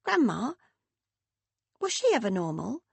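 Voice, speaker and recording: A woman voicing a blunt, uneasy teenage girl in an audiobook, pitching her voice well above her own. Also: huge pitch swings, a little slow, creaky, slightly rough, no room sound, full character voice.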